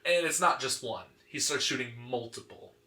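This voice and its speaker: Animated man recapping comics, echoey room. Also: mid-range voice, normal speed. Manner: animated, laughing, lots of fillers like "like". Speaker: podcast host. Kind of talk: casual chat, recapping a comic story.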